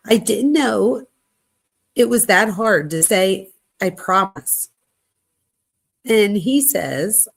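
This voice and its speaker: A woman hosting a true crime channel, reading text messages aloud in a plain conversational voice with quick asides. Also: mid-range voice, gravelly, husky.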